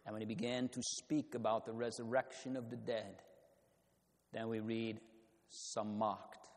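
Slow, measured preacher in a reverberant hall. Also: male voice, on the low side, little pitch movement, darkish tone. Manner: slow, measured preaching with rhetorical questions and old-style scriptural phrasing. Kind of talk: sermon.

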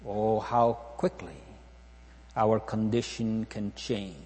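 A man's voice: lowish voice, fairly even intonation, takes it slowly, a little mellow, long reverb tail. A man preaching a solemn sermon in a church, asking the congregation repeated rhetorical questions.

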